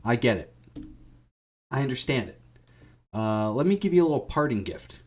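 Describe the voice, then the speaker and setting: A man's voice: very animated, moderate pace, a little mellow. A man voicing a casual, laid-back male Jesus with slangy bro-speak in comedic storytelling. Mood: nonchalant. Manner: nonchalant, low-key, slangy.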